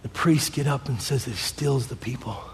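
A man preaching a sermon, swinging between quiet low passages and fervent shouting. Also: moderate pace. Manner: shouting, rising fervor with quiet low stretches. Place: church sanctuary. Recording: long hall reverb, faint congregation.

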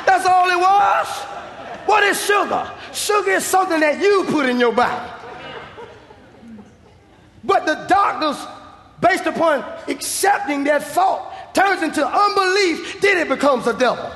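A male evangelist preaching at full volume, with a very high and gravelly voice. He shouts his points and acts out both sides of a conversation. The sound carries the long echo of a church hall. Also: animated, unhurried, a faint crowd, slight background noise. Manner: shouting, emphatic, acts out dialogue. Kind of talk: sermon.

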